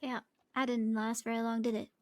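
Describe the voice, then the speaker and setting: A woman's voice: on the high side, flat delivery, fairly quick, darkish tone, no echo. A woman chatting in character in a western roleplay game, gossipy and talkative. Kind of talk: in-character casual chat.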